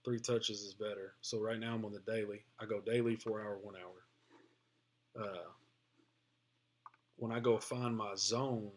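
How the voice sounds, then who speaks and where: A man with a somewhat low voice walks through a screen-share tutorial in a relaxed, informal way. He fills pauses with "uh" and keeps checking in with "right?". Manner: explains informally, with frequent "uh" and "right?". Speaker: trading tutorial presenter.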